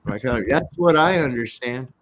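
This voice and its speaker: Man, middle pitch, livestream host, laid-back, profane, casual chat. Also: normal speed.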